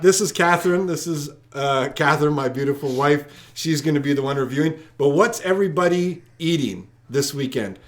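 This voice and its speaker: A man hosting a live-streamed trivia night, talking chattily and straight to his viewers. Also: a little high. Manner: chatty, addressing viewers directly. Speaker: trivia host.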